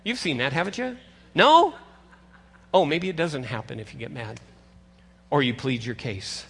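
An older male pastor delivers a sermon in a high, bright voice. His pitch swings widely as he talks to the congregation like old friends, teasing them along the way. The tone stays conversational rather than formal. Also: animated, moderate pace, slightly rough.

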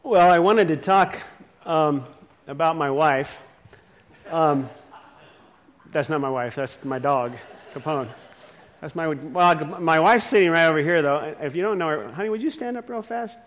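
A man talking casually to a live audience, halting with many fillers and restarts. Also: a little high, a bit bright, big-room sound. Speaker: speaker addressing an audience.

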